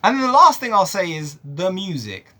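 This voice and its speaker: A man's voice: high voice, moderate pace. A man giving an exasperated, profane film review rant. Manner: animated, profane, exasperated ranting. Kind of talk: ranting video review.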